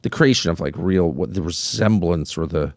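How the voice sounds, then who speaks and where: A man's voice: low voice, normal speed, no echo. A man hosting an interview, talking emphatically in a rambling way full of fillers and getting worked up. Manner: emphatic, rambling with many fillers, gets heated. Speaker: show host. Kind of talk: conversational interview.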